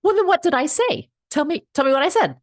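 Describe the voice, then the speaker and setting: A woman voicing her excited grandmother, who rattles off rapid, high-pitched orders to her child. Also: no echo, clean studio sound. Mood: rapid nagging.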